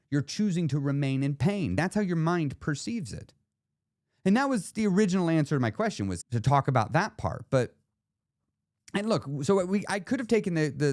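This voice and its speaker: A man's voice: on the high side, darkish tone, dry recording, studio quality. A man in his forties hosting a solo podcast as a weight-loss coach, explaining ideas to the listener in a conversational way.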